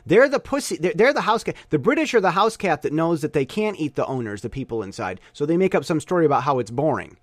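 A young man talks through his views in a casual monologue, his voice a touch high and swinging widely in pitch. He often trips over his words and restarts mid-sentence. The sound is close and dry, with no room around it. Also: very animated, fast, few pauses, no room sound. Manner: opinionated, stumbling restarts.

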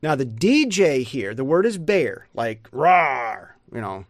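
A man's voice: mid-range voice, big pitch swings, unhurried, no echo, studio quality. Rambling man teaching pronunciation. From United States. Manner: rambling, restarts often, sounds out words. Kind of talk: casual video lesson.

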